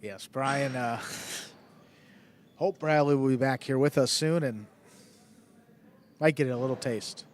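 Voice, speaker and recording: A man's voice: mid-range voice, unhurried, long pauses, a little hiss or hum. A man co-hosting a sports broadcast, chatting casually and chiming in briefly.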